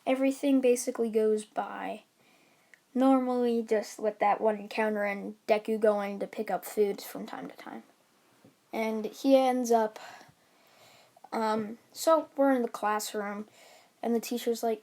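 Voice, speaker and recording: A woman's voice: on the high side, steady tone, measured pace, warm tone. A woman casually retelling a fan story, rambling with many fillers and restarts.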